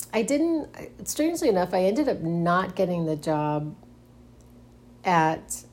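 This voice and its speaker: A woman's voice: lowish voice, warm tone. A middle-aged woman hosting a casual solo monologue, speaking hesitantly with frequent restarts and nervous giggles. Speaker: podcast host.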